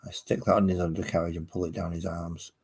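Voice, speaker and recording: A man with a low, husky voice paints miniatures on a live stream from his home hobby desk. He rambles casually and talks straight to his chat viewers as he works. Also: flat delivery, quick pace, darkish tone.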